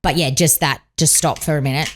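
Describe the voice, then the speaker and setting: A woman's voice: low-pitched, slight background noise. A woman in her thirties, a podcast guest telling parenting stories in casual, chatty conversation. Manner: chatty, quick storytelling with lively acted quotes. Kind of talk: casual chat.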